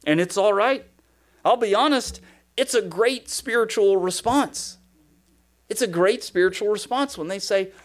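A man's voice: high voice, animated, moderate pace. A man preaching a sermon as a pastor, conversational and emphatic, driving points home with repeated phrases.

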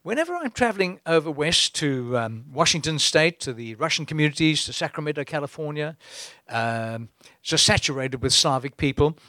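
Male preacher, lively and fairly high-voiced, dry close recording. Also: normal speed, no echo. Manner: animated, exhorting preaching with chuckles. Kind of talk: sermon.

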